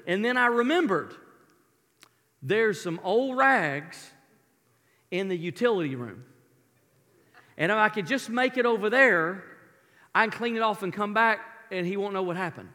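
A male pastor with a high-pitched voice tells a lively personal story from the pulpit, full of folksy asides. His voice carries a long reverb from the large church hall around him. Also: moderate pace.

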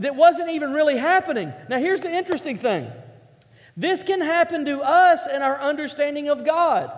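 A man preaching a sermon to a congregation, telling a story in a chatty, self-mocking way and asking the audience questions. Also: very high voice. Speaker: pastor. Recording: echoey hall with long reverb.

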